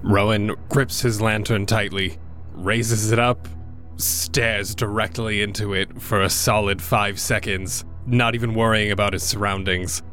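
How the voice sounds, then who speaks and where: Man, tabletop player, lowish voice, matter-of-fact, reads rules, faint music. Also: flat delivery, a little slow, sharp tone. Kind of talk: describing his character's actions in a tabletop game.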